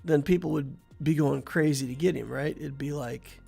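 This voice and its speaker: Gravelly-voiced man commentating a game. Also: fairly high pitch, moderate pace, soft background music. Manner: thinks aloud while playing, relaxed and chatty, talks to the viewer. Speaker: game channel host. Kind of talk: casual gameplay commentary.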